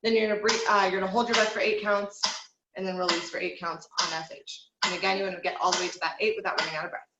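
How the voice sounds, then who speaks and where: Female voice coach leading warm-ups from home; encouraging, instructive read, recorded in a reverberant room with heavy noise. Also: mid-range voice, level tone, fast. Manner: encouraging, instructive, counts aloud. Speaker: vocal teacher. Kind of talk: online singing lesson, guiding breathing exercises.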